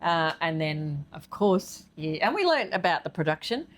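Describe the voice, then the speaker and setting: Brief: enthusiastic middle-aged female co-host with a very low voice. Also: sing-song, moderate pace. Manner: warm, enthusiastic storytelling with fillers. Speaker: travel show co-host. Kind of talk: casual travel recap chat.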